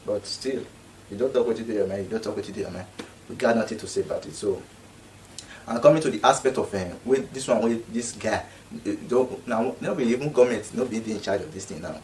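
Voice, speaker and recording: Fast-talking Nigerian Pidgin man, distant mic. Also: on the low side, a little mellow, slight background noise. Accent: Nigerian Pidgin English. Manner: indignant, repeats himself. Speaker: commentator. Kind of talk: casual commentary vlog.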